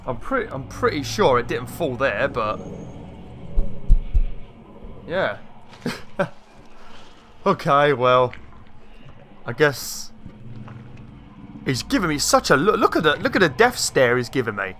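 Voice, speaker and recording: A man gives casual let's-play commentary with a bright, forward tone. He is excitable and swears freely. He often talks straight to the creatures in the game. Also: medium pitch, takes it slowly, pauses often, slight background noise. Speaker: gaming channel host.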